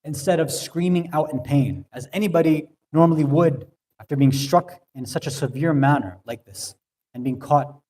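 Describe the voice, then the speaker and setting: A man's voice: on the high side, moderate pace, mellow. A man delivering a sermon, telling a story with growing emotion. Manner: emotional storytelling, rising in intensity. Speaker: speaker at an Islamic center. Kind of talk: sermon narration.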